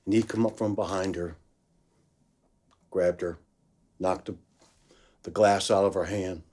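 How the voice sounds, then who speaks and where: A blues musician with a low-sitting voice tells a story casually, speaking a little slowly. He's an animated storyteller who acts out the voices of the people in the tale.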